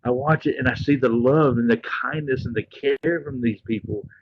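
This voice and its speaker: A man's voice: mid-range voice, normal speed, husky, dry recording, highs cut off. A man hosting a casual livestream, talking in an earnest, rambling, heartfelt way. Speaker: livestream host.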